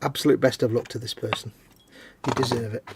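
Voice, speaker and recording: A man's voice: mid-range voice, fairly even intonation, quick pace, creaky, very noisy. A man co-hosting a casual live stream, joking around and reading out chat messages. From United Kingdom. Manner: jokey, reads out chat messages.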